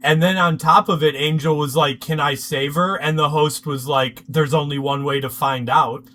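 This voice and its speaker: A man's voice: fairly high pitch, fairly even intonation, moderate pace, bright, forceful tone. A man co-hosting a podcast in a casual chat, laughing easily and retelling scenes by quoting the characters. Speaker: podcast co-host.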